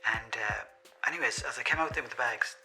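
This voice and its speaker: A man's voice: medium pitch, a little fast, bright, forceful tone, soft background music, poor audio. A man with an Irish accent playing a long-winded caller who reports a crime, swearing and piling up details. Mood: aggrieved rambling.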